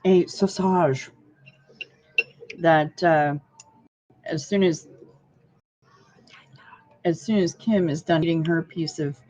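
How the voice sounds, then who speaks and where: Slow, dry-humored woman in a diner. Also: sits low, fairly even intonation, dark tone. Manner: slow, dry and joking, chewing food while talking. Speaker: livestream co-host. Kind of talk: casual chat. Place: booth in a diner. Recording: dull lo-fi livestream audio.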